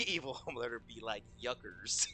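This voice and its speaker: A man's voice: fairly low pitch, normal speed, bright, forceful tone, faint music behind. A man streaming a video game, talking casually, swearing often and laughing at his own jokes. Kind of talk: casual gameplay commentary.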